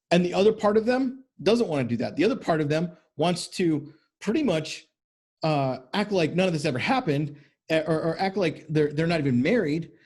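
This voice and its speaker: A man's voice: a little high, a little mellow, slightly rough. A male relationship coach giving a blunt, profane motivational talk to men, hammering his points with repetition.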